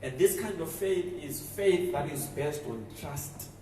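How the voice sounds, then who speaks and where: A man's voice: on the high side, animated, unhurried, mellow. A pastor preaching a sermon, emphatic and call-and-response, repeating key phrases for his congregation. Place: large church hall. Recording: echoey hall from far off, faint room noise.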